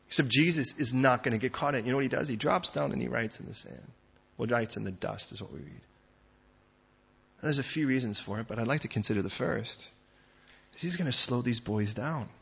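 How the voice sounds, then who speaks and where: Husky preaching man, dull recording. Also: mid-range voice. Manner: conversational preaching, building to loud fast bursts then dropping soft. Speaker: pastor. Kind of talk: sermon.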